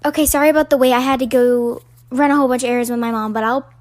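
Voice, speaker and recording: A young woman with a high voice tells a personal story in a casual way. She hesitates often and fills gaps with ums. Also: steady tone, racing, darkish tone. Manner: hesitant, lots of fillers.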